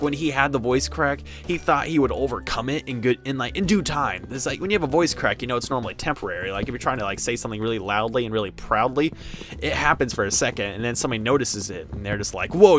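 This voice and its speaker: A man's voice: mid-range voice, a bit bright. Rambling man narrating a building game. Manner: rambling, playful storyteller full of tangents. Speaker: gaming video host. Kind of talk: casual game commentary while building.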